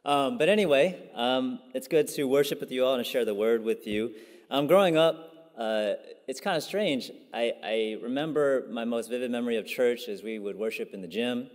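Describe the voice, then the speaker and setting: Dude pastor giving a chatty sermon, lots of ums, echoey church hall. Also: male voice, mid-range voice. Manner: conversational, many fillers and asides. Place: church sanctuary. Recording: long church hall reverb.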